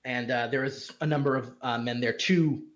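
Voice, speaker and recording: A man narrating a tabletop game as game master, halting and stopping often to search for words. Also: mid-range voice, steady tone. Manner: halting, full of fillers.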